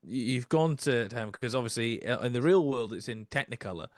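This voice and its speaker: Man, podcast co-host, mid-pitch voice, dry close recording, quick admiring chat. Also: animated, no echo. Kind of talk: casual film discussion.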